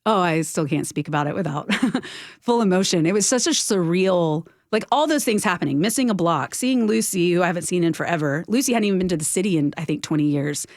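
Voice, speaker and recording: A woman's voice: lowish voice, expressive, a little fast, no echo, clean studio sound. A middle-aged woman from Texas with a Texan accent, a radio guest telling a personal story with emotion. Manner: warm, emotional storytelling with acted quotes. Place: radio studio.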